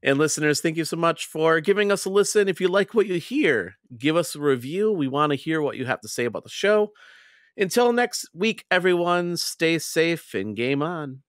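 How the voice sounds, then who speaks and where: A man's voice: fairly high pitch, expressive, normal speed, a bit bright, no echo, clean studio sound. A man hosting a gaming podcast, chatting casually and running an upbeat sign-off with fillers. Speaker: podcast host.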